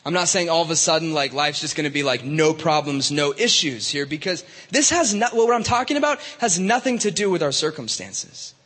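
A man's voice: a little high, very animated, brisk, hardly any pauses, fairly bright tone, long reverb tail. A man preaching to young people in a casual, conversational way, with many fillers and restarts. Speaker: youth pastor. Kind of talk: youth sermon.

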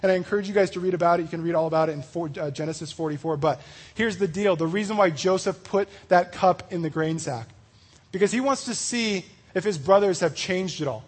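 High, husky-voiced young-sounding preacher man. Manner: chatty, full of "like" and "you know"; acts out the story's speakers in quick asides. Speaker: youth pastor. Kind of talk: casual youth sermon.

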